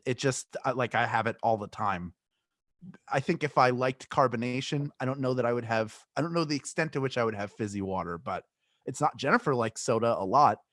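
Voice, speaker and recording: A man co-hosts a podcast in loose, casual chat. He rambles, cuts himself off and throws in jokes. His voice sits at an average pitch and sounds dry, with no room echo. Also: brisk, fairly bright tone. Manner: rambling, self-interrupting, joking. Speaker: podcast co-host.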